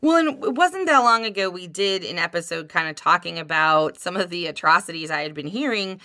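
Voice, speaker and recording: A woman's voice: lowish voice, animated, brisk, pushed and bright, dry recording, studio quality. A woman co-hosting a podcast in casual chat, speaking earnestly and with emphasis. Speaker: podcast co-host.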